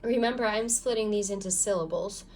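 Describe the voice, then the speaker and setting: A woman's voice: medium pitch, brisk. A woman teaching a phonics lesson, patiently guiding learners step by step through reading syllables aloud. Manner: patient, guiding, gives clear step-by-step instructions. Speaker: language teacher.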